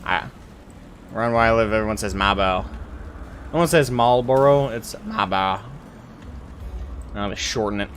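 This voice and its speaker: A man's voice: on the low side, quick pace, fairly bright tone, a little hiss or hum. A man streaming a video game, chatting casually and thinking aloud, with lots of fillers and restarts. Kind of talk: casual gameplay stream chat.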